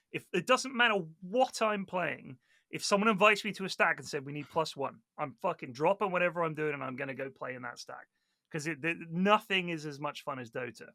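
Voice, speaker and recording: A man's voice: on the high side, no echo, studio quality. A man chatting as a podcast guest, telling stories with a lot of swearing. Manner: animated storyteller, swears a lot, mimics other players. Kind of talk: casual podcast chat.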